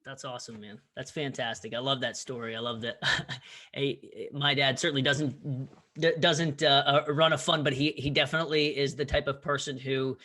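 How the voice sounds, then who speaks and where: A man's voice: mid-range voice, moderate pace. A man hosting a podcast, chatting casually and encouraging his guest. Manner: relaxed, encouraging, casual slang. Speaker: podcast host. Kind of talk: casual interview chat.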